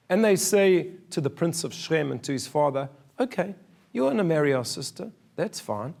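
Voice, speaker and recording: A man's voice: on the high side, a little mellow. A man, a rabbi, giving a sermon in an earnest, storytelling manner.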